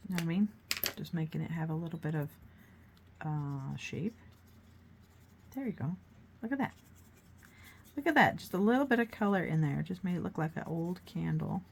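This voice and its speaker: Woman, lowish voice, casual tutorial host, chatty and encouraging, faint background noise. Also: normal speed, gravelly, pauses often, darkish tone. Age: adult, grown child of a mother who paints. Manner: chatty, encouraging, thinking aloud while working. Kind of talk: casual painting demonstration.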